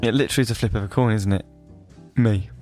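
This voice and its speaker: A man's voice: lowish voice, fast, darkish tone, soft background music. A man who is a filmmaker and podcast guest, bantering in a dry, self-deprecating way. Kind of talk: casual podcast chat.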